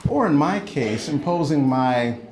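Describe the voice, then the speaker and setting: This British spelling bee word reader has a rather high, expressive, slightly mellow voice and speaks a little slowly. Reading the words and definitions against a loud crowd, he makes apologetic, self-deprecating jokes about how he sounds.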